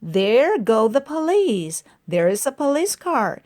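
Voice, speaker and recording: Peter, a keen little storybook boy, read by a woman, speaks in an earnest, plain tone with a lively rise and fall. The delivery is slow and careful, like reading to a child. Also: a little high. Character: keen little boy who likes to draw.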